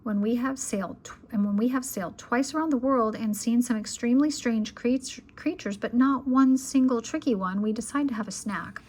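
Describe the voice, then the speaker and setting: A woman reading a children's picture book aloud in a calm, gentle bedtime manner, at times sinking to a whisper. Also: a little high, normal speed, few pauses. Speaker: children's storyteller.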